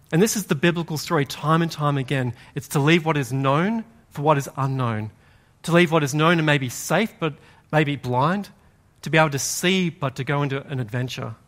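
A man preaching a sermon in a conversational, animated way, acting out quoted voices in a louder tone. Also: fairly high pitch. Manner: animated storytelling, acts out quoted voices loudly; conversational, uses "like" often. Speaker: pastor.

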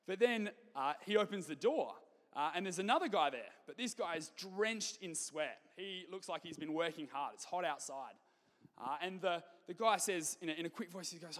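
A man preaching a sermon in a church, telling stories with lively, jokey asides. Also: on the high side, normal speed, long reverb tail. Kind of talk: sermon with storytelling.

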